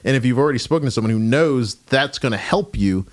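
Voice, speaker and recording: A man co-hosting a relaxed podcast, talking quickly and jumping in eagerly. He retells conversations by quoting the people in them. His voice sits at a middle pitch. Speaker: podcast co-host. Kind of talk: casual podcast chat.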